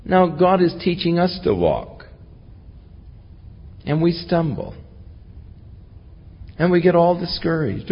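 A man preaching a sermon, teaching earnestly from scripture. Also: husky. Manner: slow, earnest Bible teaching with lively rises in pitch. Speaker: pastor. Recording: lo-fi recording with long hall reverb.

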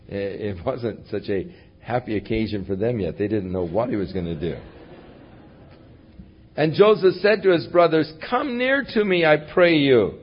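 A man preaching through a Bible passage, reading the verses aloud and then retelling them in casual, lively asides. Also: medium pitch, husky. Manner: reads scripture then paraphrases it in casual, animated asides. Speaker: pastor. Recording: dull lo-fi recording.

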